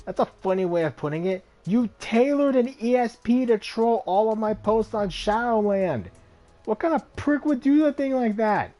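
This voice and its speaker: A man's voice: on the high side, steady tone, quick pace, hardly any pauses, faint music behind, lightly acted. A man voicing a feisty, hot-tempered young woman hacker, reading game dialogue aloud in a raised, indignant voice. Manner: indignant, sharp retorts.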